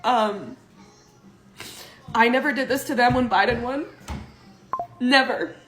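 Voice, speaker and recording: A woman's voice: on the high side, slow, roomy sound, soft background music. A young woman speaking to camera in an emotional vlog, her voice breaking as she tries not to cry.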